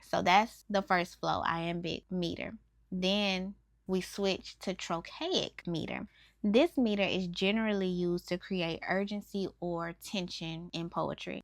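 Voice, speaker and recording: Host, young woman, lowish gravelly voice, eager teacher explaining verse, dry close recording. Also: fairly bright tone, dry recording. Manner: enthusiastic, teacherly, explains step by step. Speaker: host breaking down rap lyrics. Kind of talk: explanatory video lesson.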